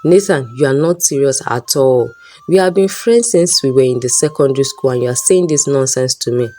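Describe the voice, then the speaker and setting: A tired young student girl, read by a woman storyteller pleads and protests in a low, dark voice. Her indignation stays plain rather than loud, and soft music runs underneath. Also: a little fast. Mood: distressed.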